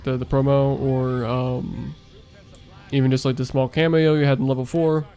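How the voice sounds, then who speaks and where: A man's voice: medium pitch, flat delivery, moderate pace, warm tone. A young man chatting casually while streaming a game he makes, rambling with lots of fillers, his voice worn out late at night. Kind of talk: casual gaming stream chat.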